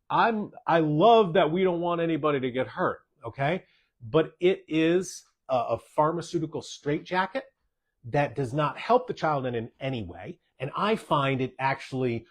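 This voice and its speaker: A man's voice: mid-range voice, slightly rough. Emphatic man answering podcast questions. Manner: emphatic, repeats key points, tags sentences with "okay?". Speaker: doctor hosting a podcast.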